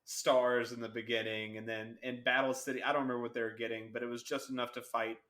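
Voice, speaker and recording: A man's voice: medium pitch, little pitch movement, quick pace, a bit bright. A man appearing as a podcast guest, chatting casually and joking, laughing mid-sentence. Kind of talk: casual chat.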